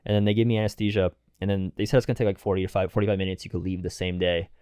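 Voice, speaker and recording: A man's voice: low voice, level tone, very fast, warm tone, clear, resonant tone, dry recording, studio quality. A young man co-hosting a podcast, rambling through a casual anecdote full of fillers and acted-out quotes. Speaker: podcast co-host. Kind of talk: casual storytelling chat.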